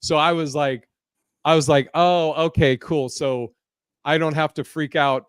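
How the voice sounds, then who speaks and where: A man telling a story in a casual podcast chat, animated and profane, laughing often as he talks. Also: fairly high pitch, measured pace, smooth, no echo, studio quality.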